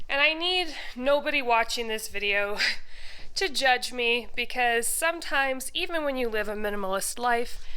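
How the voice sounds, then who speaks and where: A young woman talks through a home vlog in a bright, clear voice, chatty and quick to laugh. She sounds a little out of breath as she goes, and her words come out crisp and lively. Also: on the high side, low-quality recording. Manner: chatty, laughs often, exclamatory. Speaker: vlogger. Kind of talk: casual decluttering vlog.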